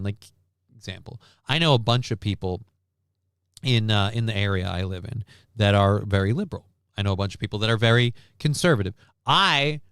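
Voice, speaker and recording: A man in a casual streaming rant, his voice clear and resonant at an ordinary pitch. He is sarcastic and profane, wandering between asides as he talks. The recording is dry and close to the mic. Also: fairly bright tone, dry recording. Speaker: streamer host. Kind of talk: casual news commentary rant.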